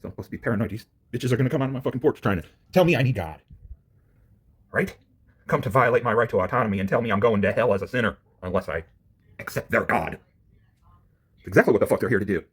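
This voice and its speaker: A man with a husky, slightly rough voice tears through a fast, profane rant. His pitch leaps and drops constantly, and he swings from low grumbling mutters to loud outbursts. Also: animated. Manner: angry, profane, swings from mutters to near-shouts. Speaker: vlogger ranting to camera.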